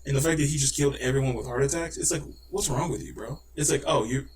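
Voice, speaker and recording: A young man co-hosting a podcast in casual chat, rambling with many "like" fillers and acting out scenarios in quick put-on voices. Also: medium pitch, husky, rough recording. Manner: rapid, rambling, full of "like" fillers; animated, acts out scenarios in voices. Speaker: podcast co-host.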